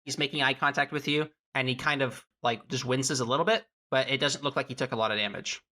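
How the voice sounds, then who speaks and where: A man narrates a comedic tabletop game as dungeon master with a bright, clear voice. He describes the action playfully and lightly. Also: mid-range voice, fast talker, a little hiss or hum.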